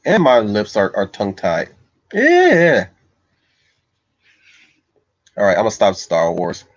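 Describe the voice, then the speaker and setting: A low-voiced man rambles casually to his stream, tripping over and repeating his words. The sound is dull and lo-fi, with no room echo. His talk is loose and unscripted. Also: fairly quick.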